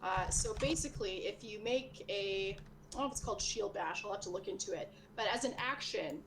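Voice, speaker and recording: A woman acting as game master, narrating a tabletop game in a casual, relaxed way full of fillers. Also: medium pitch, a little fast, noisy background.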